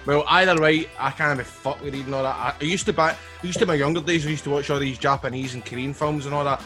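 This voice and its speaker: A man's voice: on the high side, fairly even intonation, fast, over music. A man, a podcast guest, telling sweary stories with laughs. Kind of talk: casual banter.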